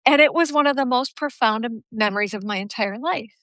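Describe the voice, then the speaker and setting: A woman telling a personal story with animated energy, laughing easily, on a live video call. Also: fairly high pitch, a little fast, dry recording. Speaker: guest yoga teacher.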